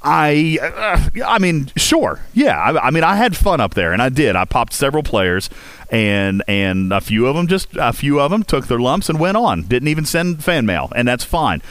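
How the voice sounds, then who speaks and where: A man's voice: medium pitch, very animated, moderate pace, a bit bright, no echo. A man hosting a game community voice chat, talking casually with lots of fillers, restarts and jokes. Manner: chatty, jokey, heavy fillers and restarts. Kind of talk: casual rambling talk to listeners.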